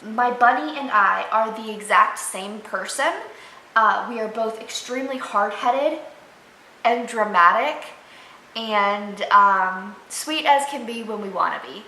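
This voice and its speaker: A woman's voice: mid-range voice, pushed and bright. Young woman vlogger, chatty and doting; roomy, slightly noisy home recording. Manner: chatty, gushing baby talk to her pet. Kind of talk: casual pet tag vlog. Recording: echoey room, faint noise.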